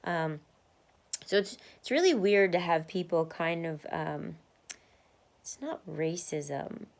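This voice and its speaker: Speaking slowly in a fairly low voice with vocal fry, a woman vlogs about her weight-loss journey from her home office desk. It's a candid, casual video diary, and she laughs now and then while marching in place.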